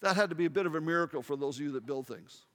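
A man preaching a sermon as pastor, earnest, dropping to hushed tones for emphasis. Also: a little high, lively intonation, very fast. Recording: long hall reverb.

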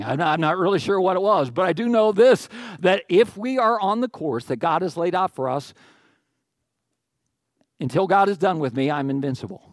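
A middle-aged man preaching a sermon, animated, with jokey asides and quoted voices acted out. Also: on the high side, no room sound, clean studio sound. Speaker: pastor.

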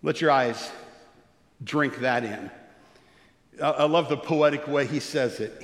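A man preaching a sermon as pastor, swinging between loud rising exclamations and soft, low storytelling. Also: takes it slowly, pauses often. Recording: echoey church hall with long reverb.

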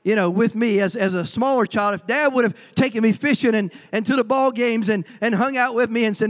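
A man's voice: extremely high pitch, fairly quick, hardly any pauses, fairly bright tone. A male pastor preaching a folksy sermon, stumbling over repeated words and acting out quotes. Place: church sanctuary. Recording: long hall reverb.

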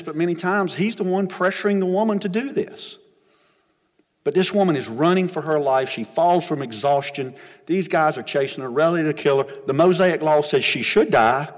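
A man's voice: fairly high pitch, lively intonation, moderate pace. A man preaching a sermon, retelling a Bible story in an emphatic, conversational way. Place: church sanctuary. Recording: long reverb of a church hall.

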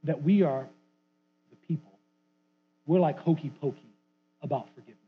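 A man preaching a sermon as a guest preacher, swinging from loud acted-out quotes to hushed asides. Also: on the high side, brisk, pauses often, a little hiss or hum. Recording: tinny narrow phone-like sound.

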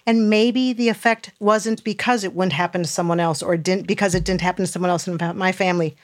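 Loud, animated woman talking openly. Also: on the low side, brisk. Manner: loud and animated, laughs often. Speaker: podcast guest; former military nurse. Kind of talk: casual conversation.

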